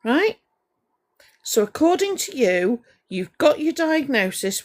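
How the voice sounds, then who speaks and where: A woman on a livestream, confrontationally scolding someone while greeting viewers by name between points. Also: mid-range voice. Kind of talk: ranting livestream monologue to chat.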